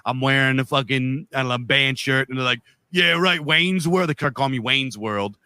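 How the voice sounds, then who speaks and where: A man's voice: mid-range voice, level tone, a little fast, pushed and bright, clear, resonant tone, dry recording. A man co-hosting a podcast, telling a long story in a loose, profane, rambling way. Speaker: podcast co-host.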